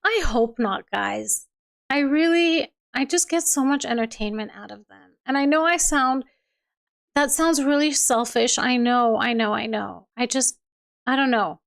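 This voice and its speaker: Livestream host, young woman, high voice, chatty and giggly, restarts sentences often. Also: unhurried, creaky. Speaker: livestream host reading viewer comments. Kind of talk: casual chat.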